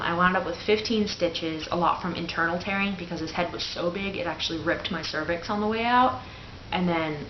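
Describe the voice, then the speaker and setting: Chatty young mom in an echoey room. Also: female voice, on the low side, background noise. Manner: candid and chatty, full of "like" fillers. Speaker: new mother telling her birth story. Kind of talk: casual personal storytelling to camera. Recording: echoey room, dull lo-fi sound.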